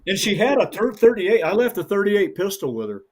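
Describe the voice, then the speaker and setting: A man's voice: sits high, very animated, brisk. A middle-aged man who guides hunts with hounds, telling a long story in an interview in a folksy, rambling way and acting out the voices of the people in it.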